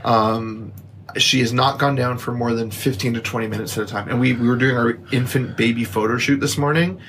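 A man's voice: mid-range voice, steady tone, fairly quick, a bit bright, slight background noise. A young man, a new father, telling a rambling story in casual podcast chat and filling it with "like". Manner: rambling, lots of "like", laughs often. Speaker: podcast co-host.

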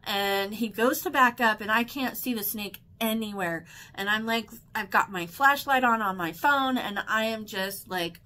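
A woman chatting casually in a shopping haul vlog, telling stories in an excitable, chatty way. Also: mid-range voice, normal speed. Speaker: haul vlogger. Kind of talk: casual chat.

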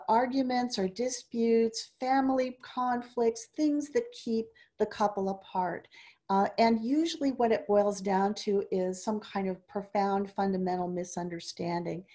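A woman giving organized, explanatory remarks as a panelist at a book club event, often pausing with "uh", over a video call. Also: mid-range voice, mellow. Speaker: literature panelist.

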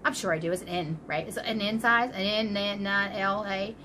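A woman's voice: medium pitch, fairly even intonation, moderate pace, hardly any pauses, pushed and bright, slight background noise. A woman in her fifties chatting casually and rambling happily as she hosts a crochet vlog and opens a parcel. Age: 50s. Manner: bubbly, rambling, giggly. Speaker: crochet channel host. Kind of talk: casual vlog chat, unboxing.

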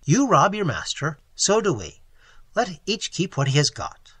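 A man reading aloud and voicing a cool, mock-polite gentleman highwayman who never loses his composure. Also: sing-song, unhurried, slightly rough, no echo, full character voice. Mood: coolly mocking. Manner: suave, mock-polite, unflappable. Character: cool mocking gentleman highwayman, adult male.

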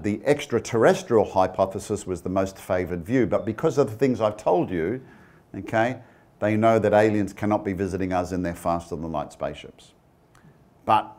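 A man with a fairly low voice giving a slide presentation to a live audience. He keeps it chatty, quizzes the room and slips in joking asides. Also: darkish tone. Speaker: guest speaker.

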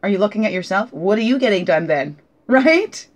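A woman's voice: medium pitch, lively intonation, moderate pace. Woman, spiritual teacher, casual card reading, reflective, questioning, self-teasing. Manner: reflective, asks many questions, often adds "right?"; gently joking, laughs at herself. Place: at home.

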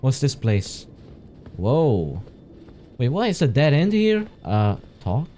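A young man giving excitable gameplay commentary as host of his gaming channel, swearing and exclaiming often. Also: medium pitch, slow pace. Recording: clear game music underneath. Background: game music.

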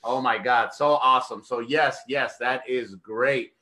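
A man's voice: mid-range voice, steady tone, unhurried, bright, forceful tone. A man hosting a podcast, hyped and swearing heavily while speaking straight to the listeners. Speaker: podcast host. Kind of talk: podcast conversation.

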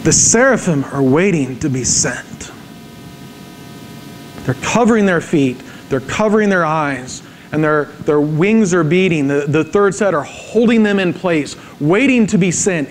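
Male pastor, high voice, dramatic sermon delivery, checks in with the congregation, faint background noise. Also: lively intonation, measured pace, rough recording. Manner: dramatic, swings from hushed to emphatic when reading scripture; repeats words for emphasis, asks the audience "right?".

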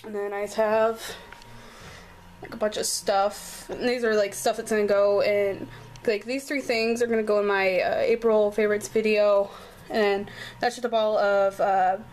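A woman's voice: mid-range voice, flat delivery, normal speed, darkish tone, a little hiss or hum. A young woman with a Southern American accent, giving a casual room tour in her bedroom and filming on a handheld camera, chatty and full of "like" fillers. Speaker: vlogger.

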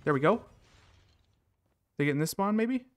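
A man hosting a gaming channel, giving casual commentary on his own match with excited reactions and playful catchphrases. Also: high voice, normal speed.

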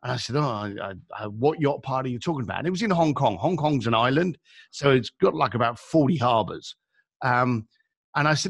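A middle-aged man with a London accent tells a story as a podcast guest, acting out each person in it with lively swings of pitch. His voice has a gravelly edge, and the recording is close and dry. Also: a little fast, no room sound. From England. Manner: animated storyteller acting out dialogue.

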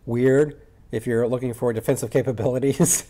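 A man's voice: medium pitch, fairly even intonation, normal speed, dark tone. A man reviewing a manga in a casual way, joking and chuckling as he goes. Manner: joking, chuckles between lines.

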